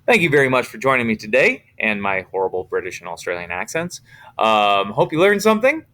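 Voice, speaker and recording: A man's voice: on the low side, animated, fairly quick, bright, forceful tone. A male teacher giving a casual recorded lecture, explaining informally with fillers.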